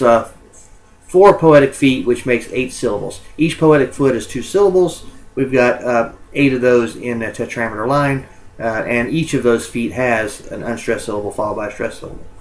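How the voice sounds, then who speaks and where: Male college instructor, mid-pitched, loose recorded lecture, frequent ums and uhs, stops to correct himself. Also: low-quality recording.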